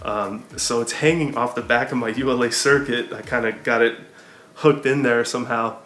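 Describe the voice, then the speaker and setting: A man's voice: medium pitch, fairly even intonation, normal speed, a bit bright, roomy sound. A young adult man, a hiking vlogger, casually telling a story to camera in a chatty, self-mocking way, laughing often. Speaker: hiking YouTuber.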